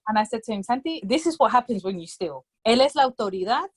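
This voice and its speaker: Talking fast with few pauses, a woman with a fairly high, breathy-edged voice tells a story as a podcast guest in a casual chat. She's animated, voicing the characters herself and slipping into Spanish phrases.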